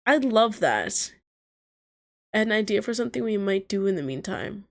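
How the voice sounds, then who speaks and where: Woman reading as a smug succubus nun, patronizing drawl, slow and sugary. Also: mid-range voice, sing-song, vocal fry. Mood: falsely sweet.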